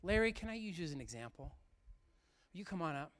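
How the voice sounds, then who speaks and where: Middle-aged guy pastor in church, earnest and heartfelt, kinda high voice. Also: sing-song, brisk, fairly bright tone. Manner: earnest, heartfelt, speaks to congregation directly. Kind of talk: sermon. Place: church sanctuary.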